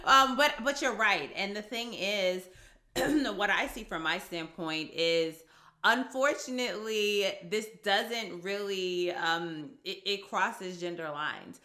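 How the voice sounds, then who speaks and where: A woman hosting a podcast, chatting and telling stories in a lively way, laughing easily. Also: mid-range voice, slow pace. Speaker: podcast host. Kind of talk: interview conversation.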